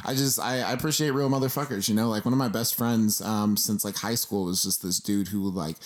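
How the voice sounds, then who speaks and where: A man's voice: on the low side, a little fast. A man hosting a podcast, telling stories in a loose, profane, easygoing way. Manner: loose, profane storytelling with laughs. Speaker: podcast host. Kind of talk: casual podcast chat.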